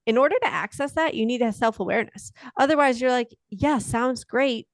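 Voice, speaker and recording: A woman speaking as a parenting expert guest on a podcast, lively and acting out the things parents might say. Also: on the high side, fast, no room sound, clean studio sound. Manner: animated, acts out quoted lines. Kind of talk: conversational interview. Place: podcast interview.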